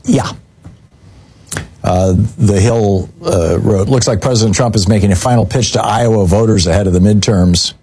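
A man's voice: on the low side, moderate pace, dark tone, slightly rough. A middle-aged man hosting a call-in radio talk show, chatting casually and telling long stories full of fillers and restarts. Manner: rambling, with many fillers and self-corrections.

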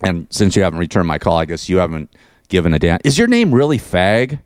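A man's voice: sits low, sing-song, fairly quick, dry recording, clean studio sound. A man hosting a talk radio show, ranting in a mocking, profane way and laughing at his own jokes.

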